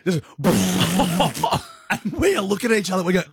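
A man's voice: sits high, very animated, moderate pace, vocal fry, background noise. A man with an Australian accent, a radio host rambling through a story in casual, crude, self-deprecating banter. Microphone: studio microphone.

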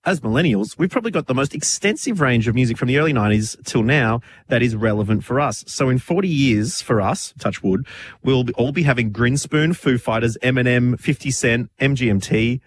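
A man, co-hosting a casual radio chat, laughing through quick comic asides. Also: mid-range voice, husky. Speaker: radio co-host. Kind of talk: casual banter on a radio show.

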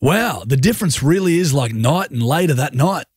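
A man's voice: fairly high pitch, lively intonation, normal speed, slight background noise. A man, a radio host in casual banter who laughs often and teases his co-host.

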